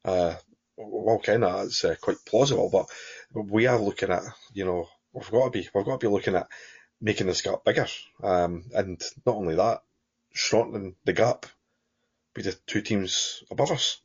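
A man's voice: lowish voice, moderate pace, breathy edge. A Scottish man co-hosting a football podcast, talking casually in long rambling turns full of fillers. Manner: rambling, many fillers and restarts, chuckling. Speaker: podcast co-host. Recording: dull lo-fi podcast audio.

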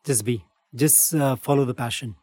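A man with an Indian accent, a breathwork and meditation teacher, answering gently in short calm phrases. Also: mid-range voice, normal speed, no echo, clean studio sound.

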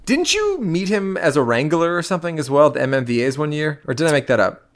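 A man's voice: fairly high pitch, very animated, fast. A man hosting a podcast in casual chat, enthusiastic and steering the topics. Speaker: podcast host.

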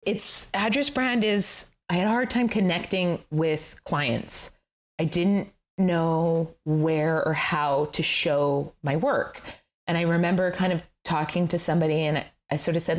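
A middle-aged woman, a guest telling her story in an interview, candid and animated, laughing often and swearing casually. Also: fairly low pitch, measured pace. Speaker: guest, furniture designer. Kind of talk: conversational interview.

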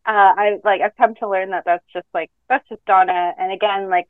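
A woman's voice: mid-range voice, steady tone, normal speed, dry recording. A woman from Canada, a reality show contestant, chatting casually in a podcast interview, rambling and laughing often. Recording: dull lo-fi call audio.

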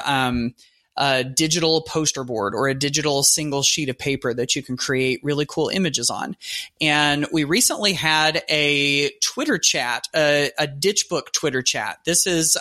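A man's voice: on the high side, bright, forceful tone. A man co-hosting a podcast, chatty and eager as he shares resources. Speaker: podcast co-host. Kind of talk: casual podcast talk.

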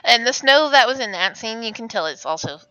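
A woman from Illinois co-hosting a casual movie commentary with her sister, agreeable and quick to laugh. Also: on the high side, expressive, sharp tone, no room sound. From Illinois, USA. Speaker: co-host, host's sister. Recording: dull, muffled sound.

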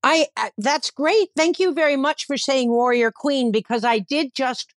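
A woman's voice: sits high, normal speed, no echo, studio quality. Salty Newfoundland woman telling stories. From Newfoundland, Canada. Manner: salty, irreverent storyteller who swears freely. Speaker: comedian guest. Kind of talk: casual interview chat. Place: at home, remote interview.

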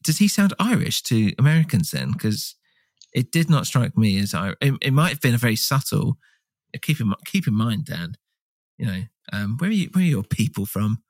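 A man co-hosting a casual film podcast, rambling and swearing with lively asides. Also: medium pitch, normal speed, no echo. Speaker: podcast co-host.

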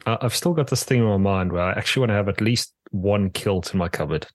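A man's voice: on the low side, fast talker, dry recording. A man co-hosting a podcast in casual chat, hesitant with many fillers and laughs. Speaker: podcast co-host.

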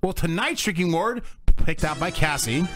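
A man's voice: fairly high pitch, expressive, normal speed, over music. A man co-hosting a crude, casual podcast, joking and teasing, laughing often. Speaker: podcast co-host.

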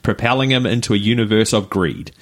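A man's voice: fairly low pitch, a little fast. A man co-hosting a podcast in casual chat, mostly giving short, easygoing agreeing replies. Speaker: podcast co-host.

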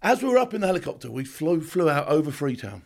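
Fast-talking man telling war stories. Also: fairly high pitch, vocal fry. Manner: animated, acts out quotes and laughs often. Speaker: podcast guest, former special forces soldier. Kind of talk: casual storytelling interview.

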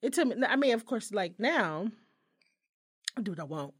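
A woman in her thirties telling stories in a casual chat, animated and profane, often breaking into laughter. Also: medium pitch, moderate pace, breathy edge. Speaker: podcast co-host.

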